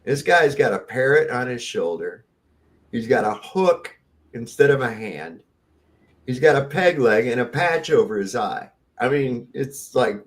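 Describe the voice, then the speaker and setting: A man hosting a live stream in casual, profane, joking chat. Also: mid-range voice.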